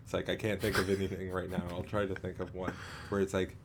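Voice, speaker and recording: Low-voiced guy on a podcast, rambling and halting, a little faint noise behind. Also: flat delivery. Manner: rambling, halting, filler-heavy, frequent laughs. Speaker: podcast co-host. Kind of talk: casual chat.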